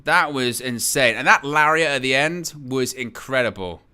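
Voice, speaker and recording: A man hosting a watch-along, giving excitable live reaction commentary and repeating his exclamations. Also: mid-range voice, normal speed, clean tone.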